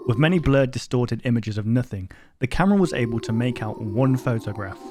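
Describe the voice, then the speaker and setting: A man hosting a reaction video, reading a horror story aloud in an even tone and breaking off with sudden loud exclamations. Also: mid-range voice, a little fast, few pauses, faint music behind.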